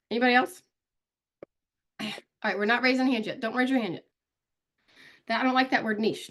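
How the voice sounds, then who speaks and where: This woman's voice sits a little high, and she talks at a normal pace with frequent pauses. Leading an informal live social media training, she keeps things chatty and addresses viewers by name.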